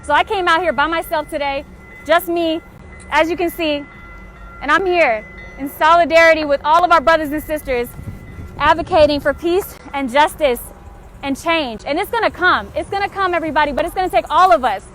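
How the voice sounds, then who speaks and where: A woman's voice: high-pitched, a little fast, a bit bright, soft background music. A young woman livestreaming outdoors on a city street, making frustrated, tired, urgent and repetitive calls to action. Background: faint passing traffic and honking.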